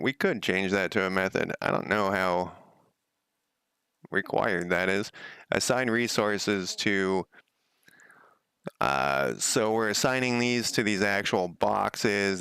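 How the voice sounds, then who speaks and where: Fairly low and creaky yet fairly bright and smooth, this man's voice comes through clean studio sound with no echo. Working on a game at home while streaming, he talks through his thoughts in a loose, rambling way and regularly corrects himself.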